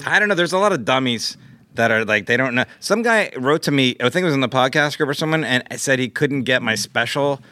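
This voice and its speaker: Bright, wry man chatting on a podcast. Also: medium pitch, expressive, brisk, no echo. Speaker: podcast co-host. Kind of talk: casual chat.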